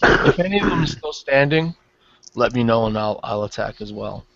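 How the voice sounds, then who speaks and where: Gravelly man playing a tabletop game. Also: mid-range voice, expressive, normal speed, fairly bright tone, slight background noise. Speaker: player. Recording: dry, muffled lo-fi audio.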